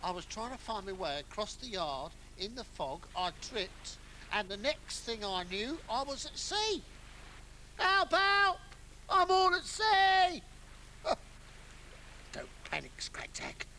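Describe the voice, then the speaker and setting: A performer voicing a hapless, excitable castaway lost at sea in a children's puppet comedy, swinging between calm and wailing panic. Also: mid-range voice, slow, slight background noise, heavily acted. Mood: comic panic.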